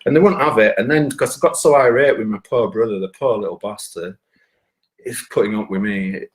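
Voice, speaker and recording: A man's voice: fairly low pitch, brisk. A man with a Bradford accent telling a rambling, profane comic story from his own life. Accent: Northern English (Bradford). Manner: profane, rambling, excitable anecdote. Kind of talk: stand-up storytelling.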